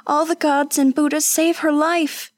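A woman voicing an earnest, frightened young woman in an audiobook, raising her pitch and speaking urgently. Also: lively intonation, a little slow, a little mellow, breathy edge, no echo. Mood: anxious.

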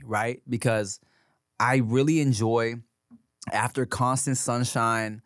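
Animated male podcast co-host. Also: mid-range voice, takes it slowly, long pauses, no room sound, clean studio sound. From California. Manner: animated, joking, profane. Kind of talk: casual podcast chat.

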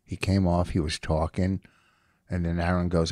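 A middle-aged man comedian in casual banter, excitable and swearing freely, jumping from topic to topic. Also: low-pitched, brisk, dry recording. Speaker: comedian and podcast co-host.

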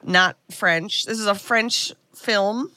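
A woman's voice: medium pitch, takes it slowly, pushed and bright, dry recording. A woman co-hosting a casual podcast, chatty and full of fillers and restarts. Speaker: podcast co-host.

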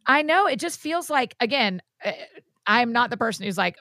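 A woman co-hosting a podcast, telling a story in an animated, heartfelt way and sharing her faith. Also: fairly high pitch, moderate pace, dry recording, studio quality. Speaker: podcast co-host. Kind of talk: casual chat and storytelling.

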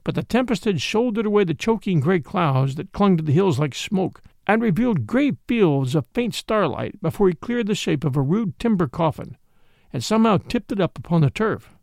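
A man reads a classic mystery aloud with dramatic, expressive storytelling, his pitch sitting a touch high and swinging widely through each sentence. His voice has a gravelly grain, recorded close and dry with no room around it. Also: moderate pace, no room sound. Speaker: narrator. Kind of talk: audiobook reading of a classic mystery.

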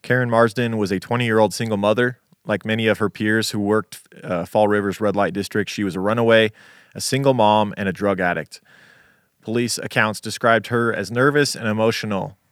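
A man's voice: on the low side, steady tone, fairly quick, no echo, clean studio sound. A man co-hosting a true crime podcast, telling the case story in a laid-back, casual way and swearing now and then. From Las Vegas. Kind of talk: casual chat and case narration.

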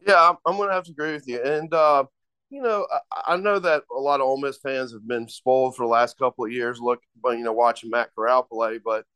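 Podcast guy talking college football, lots of you knows, stops and restarts, clean smooth voice. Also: mid-range voice, bright, forceful tone. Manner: halting, lots of fillers like "you know". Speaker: podcast co-host. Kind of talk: casual sports chat.

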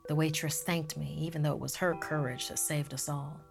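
Deep-voiced female narrator for dark tales, half-whispered reads over a music bed. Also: fairly even intonation, brisk, creaky. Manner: hushed, often whispering. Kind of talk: scripted horror story narration. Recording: music playing underneath.

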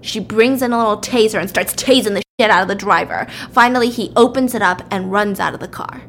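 A woman casually retelling a story, animated and acting out the characters' lines in raised voices. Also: mid-range voice, brisk, creaky, a little hiss or hum.

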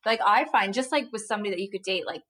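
A mother and podcast guest in a casual chat, telling stories in an animated way with lots of filler words. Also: medium pitch, rapid-fire. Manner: animated storytelling, full of "like".

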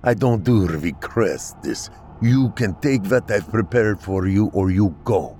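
A man's voice: on the low side, animated, slow, soft background music. A man voicing a cold, curt Russian woman who is a tattoo artist and killer, speaking in a thick Russian accent. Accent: Russian (put on). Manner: curt, dismissive, shouting when disturbed.

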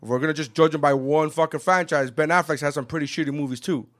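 A man in casual podcast chat, swearing a lot and acting out quotes with big shifts in loudness. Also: fairly high pitch, quick pace. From South Florida. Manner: animated, profane, acts out quotes.

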